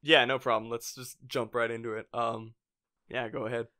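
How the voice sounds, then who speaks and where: A man's voice: mid-range voice, flat delivery, normal speed, bright, forceful tone. Rambling young-sounding male podcast co-host. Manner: rambling, heavy on "like" fillers, frequent chuckles. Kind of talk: casual fan podcast chat.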